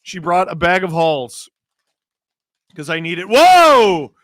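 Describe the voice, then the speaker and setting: Hoarse man calling hockey live. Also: fairly high pitch, no echo. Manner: rapid play-by-play with sudden excited shouts. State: hoarse from a cold. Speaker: host, live game watch-along. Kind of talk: live hockey play-by-play and chat reading.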